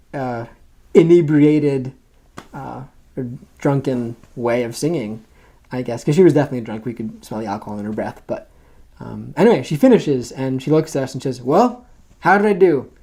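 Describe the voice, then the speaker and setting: A young man, a missionary, telling a story casually and haltingly, with many fillers and restarts. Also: medium pitch, dark tone.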